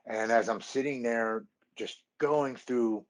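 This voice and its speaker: A man in his thirties, a podcast guest, telling his recovery story earnestly, stopping and restarting often. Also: medium pitch. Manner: earnest, halting with many restarts. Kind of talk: personal recovery story, casual chat.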